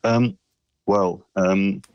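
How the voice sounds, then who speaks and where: A man's voice: sits low, fairly even intonation, very slow, darkish tone, smooth, no echo, muffled recording. A man, a dialect coach, answering an interviewer hesitantly with many ums.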